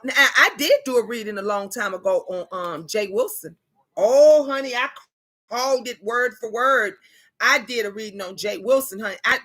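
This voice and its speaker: Bright-voiced woman telling reading stories. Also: fairly high pitch. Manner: animated storytelling, quoting spirits and viewers in character. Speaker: tarot reader and channel host. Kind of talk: casual livestream chat.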